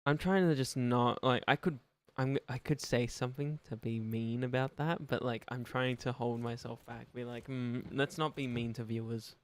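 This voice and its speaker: A man's voice: mid-range voice, fairly even intonation, normal speed. A man chatting on a gaming livestream, rambling and joking and laughing often. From Australia. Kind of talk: casual gaming livestream chat.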